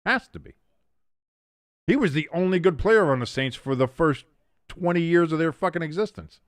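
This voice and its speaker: A man hosting a live watch-along stream, calling the plays casually and jumping sharply in pitch and volume on big moments. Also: animated, normal speed, no echo, studio quality. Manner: mumbles and scats to himself while thinking. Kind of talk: casual live play-by-play commentary.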